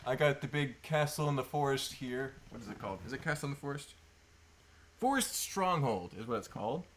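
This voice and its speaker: A man's voice: medium pitch, lively intonation, brisk, slight background noise. A man hosting a casual livestream, chatting with viewers and greeting them by name, with lots of fillers. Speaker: livestream host. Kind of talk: casual live chat with viewers. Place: indoors, at a table of sorting bins.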